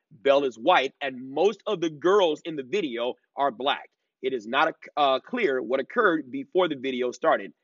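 A man's voice: medium pitch, fairly bright tone, no room sound. A man in his thirties hosting a live-streamed commentary lecture, emphatic and drawn out, full of fillers and repeated "okay?" checks. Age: 30s. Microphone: laptop. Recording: dull lo-fi and dry.

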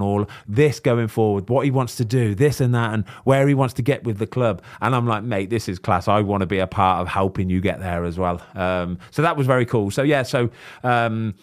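A man's voice: on the low side, moderate pace. A man on a podcast telling stories in casual chat, acting out what people said. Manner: animated storyteller, acts out quotes. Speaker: podcast host and footballer.

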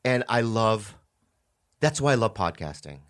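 Lively, laughing podcast co-host man. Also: fairly low pitch, unhurried. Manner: animated storyteller, laughs often. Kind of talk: casual chat.

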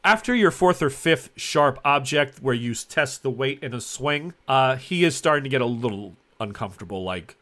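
A man's voice: mid-range voice, animated, normal speed, few pauses, sharp tone. A man narrating a tabletop role-playing game as game master, rambling through descriptions with many fillers.

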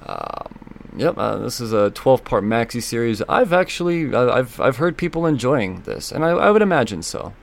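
A man hosting a solo podcast, talking loosely and excitably, swearing often and filling gaps with ums and uhs. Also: medium pitch, moderate pace, vocal fry. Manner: loose, profane and excitable, with many fillers. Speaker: podcast host. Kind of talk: casual solo podcast talk.

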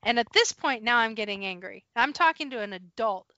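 A woman's voice: on the high side, brisk, no room sound, muffled recording. A woman telling a story from her years managing a store, laughing as she goes and acting out the conversations. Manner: animated, laughs through her story, acts out dialogue. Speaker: guest recalling past work as a retail manager. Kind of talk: casual storytelling on a podcast.

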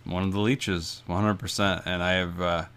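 Bright-voiced man telling comic stories. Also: sits low, moderate pace, a little hiss or hum. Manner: animated comic storytelling, rambling. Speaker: podcast co-host. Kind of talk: casual comedic chat.

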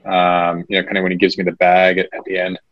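A man with a lowish voice talks through a casual interview, halting often, repeating words and filling pauses. The recording sounds muffled and lo-fi, with the top end rolled off. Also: monotone. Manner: hesitant, many restarts and fillers. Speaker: actor being interviewed. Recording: dull lo-fi recording.

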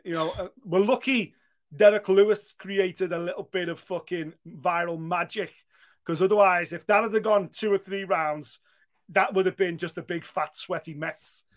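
High-voiced British man, animated podcast chat. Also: normal speed. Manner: animated, swears freely, acts out quotes. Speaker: podcast co-host.

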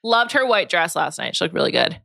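Brief: woman host, low-pitched but bright, chatty and quick to laugh, dry close sound. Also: big pitch swings, creaky, dry recording. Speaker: podcast host. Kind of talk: casual chat.

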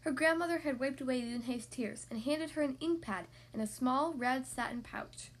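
A woman hosting a podcast, reading a picture book aloud to young children in a gentle, expressive way. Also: high-pitched, moderate pace. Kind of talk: storybook read-aloud for young kids.

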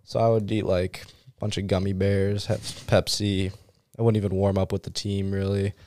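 A man's voice: low-pitched, little pitch movement, normal speed, a little mellow, dry recording. A teenage boy, a student runner, giving laid-back answers on a podcast with many ums. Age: teens. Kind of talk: casual interview answers.

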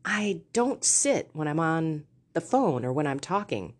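A middle-aged woman with a deep voice hosts a Catholic podcast from a seat in her home. She is very animated yet slow and deliberate, talking frankly and confessionally about her faith.

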